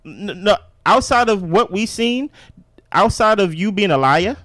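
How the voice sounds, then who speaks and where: Brief: opinionated male co-host, fairly high voice, teasing and blunt, dry sound. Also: measured pace, dry recording. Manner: blunt, joking, animated opinions with repeated "you get what I'm saying?". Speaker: podcast co-host. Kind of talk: casual opinionated chat.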